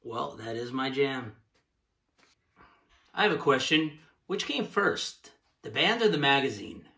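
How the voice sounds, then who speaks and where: Man, goofy and nervous job applicant in a satirical sketch, bright tone. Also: medium pitch, animated, a little slow, roomy sound.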